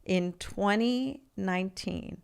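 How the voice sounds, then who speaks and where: A woman's voice: medium pitch, gravelly, a little mellow, smooth. A woman in her forties from California, a podcast guest telling her life story in a candid, earnest way. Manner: earnest and open, with halting restarts.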